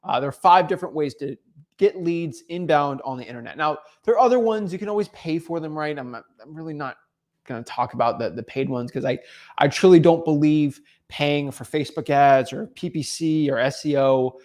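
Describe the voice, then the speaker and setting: A man hosting a coaching livestream, talking bluntly and teasingly, often stumbling and repeating words. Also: fairly high pitch. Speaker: real estate wholesaling coach hosting a livestream. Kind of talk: unscripted livestream coaching talk.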